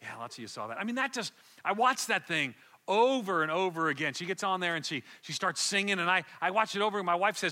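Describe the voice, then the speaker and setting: Male preacher, fairly high and bright-toned, passionate storyteller who repeats himself as he builds to loud peaks. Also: animated, fast talker. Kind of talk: sermon.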